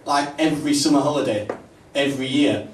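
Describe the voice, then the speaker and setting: A man with a Northern English accent doing a stand-up comedy set in a small pub club, with punchy, deadpan delivery. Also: mid-range voice, fairly quick, slight background noise. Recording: roomy, distant live mic, faint ambience.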